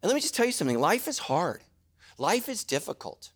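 Animated joking pastor, lively pitch. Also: male voice, husky. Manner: animated, jokey preaching with quick asides. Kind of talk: sermon.

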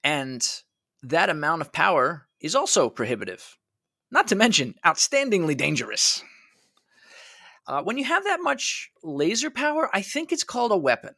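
Bright, lively, wry man. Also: a little high, moderate pace, creaky, dry recording. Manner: dry, wry humor. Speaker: podcast co-host. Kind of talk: casual tech chat.

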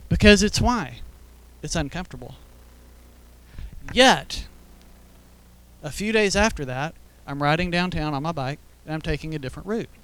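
A man gives an informal church teaching, telling stories conversationally with fillers and plenty of asides, and is briefly choked up with emotion. His voice is fairly high, a bit bright, clear and resonant, at a moderate pace with long pauses.

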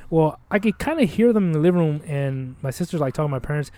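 Fast-talking young man telling a story. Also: on the high side. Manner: rambling, profane, animated, acts out quotes. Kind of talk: casual storytelling chat.

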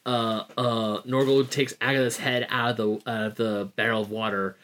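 A man's voice: medium pitch, flat delivery, normal speed, fairly bright tone. A laid-back man on a casual podcast, admitting he barely read the comic and recalling scenes he liked. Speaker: podcast co-host. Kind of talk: casual book club chat.

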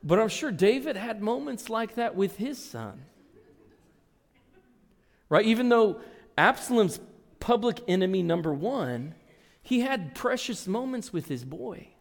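Male pastor with a high voice, preaching earnestly in a big echoing sanctuary. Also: animated, unhurried, gravelly, pauses often. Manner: earnest storytelling, reads and retells scripture. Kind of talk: sermon. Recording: long reverb in a large hall.

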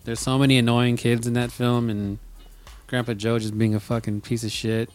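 A man's voice: medium pitch, flat delivery, normal speed, faint music behind. A man on a casual movie podcast, giving blunt and enthusiastic opinions.

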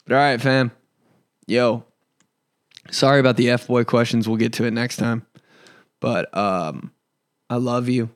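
A man's voice: medium pitch, fairly even intonation, a little slow, pauses often, no room sound, studio quality. A man in his twenties from Indiana, hosting a casual solo podcast with rambling, profane storytelling. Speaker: podcast host and comedian.

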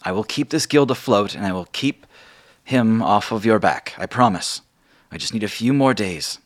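A man's voice: on the low side, normal speed, pitched above the performer's own voice, lightly acted. A man voicing a weary female guild leader who talks in an earnest, worried way and stammers. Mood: strained.

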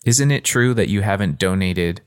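A man's voice: sits low, animated, normal speed, clear, resonant tone. A man chatting casually, retelling events in a laid-back way with lots of fillers. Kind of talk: casual chat.

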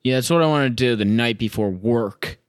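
A man's voice: mid-range voice, moderate pace, smooth, no room sound, clean studio sound. Sarcastic, swearing man ranting on a podcast. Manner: sarcastic, profane and exasperated. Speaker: podcast host. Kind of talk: solo sports reaction rant.

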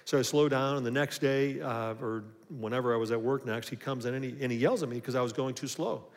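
A pastor giving a sermon, telling a personal story and building to emphatic points. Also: male voice, medium pitch, quick pace. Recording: long hall reverb.

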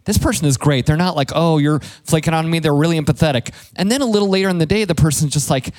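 A man, a pastor preaching a sermon in a relaxed, joking, storytelling way. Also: a little high, fast talker. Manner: conversational, playful storytelling with self-deprecating jokes.

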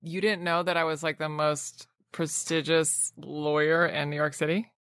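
A woman comedian improvising a scene, deadpan with a lilting, questioning delivery. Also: deep voice, normal speed, no echo, studio quality. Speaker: comedian guest.

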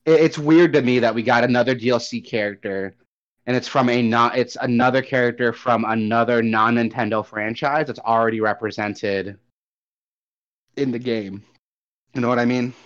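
A young man co-hosting a casual gaming chat, rambling and animated, swearing casually as he goes. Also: medium pitch, normal speed. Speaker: podcast co-host. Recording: dull lo-fi audio.

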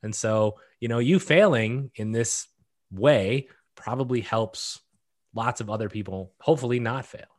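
A man co-hosting a class, speaking slowly and hesitantly with frequent uh fillers. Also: mid-range voice. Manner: slow and hesitant, with many uh fillers. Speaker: co-host of the class. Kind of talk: conversational class talk.

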